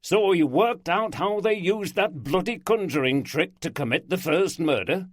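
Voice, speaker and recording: A man's voice: high voice, expressive, moderate pace, no room sound, pitched above the performer's own voice. Hearty teasing Yorkshire police boss, raised voice, dry close sound, a male narrator doing him. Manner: hearty, chuckling.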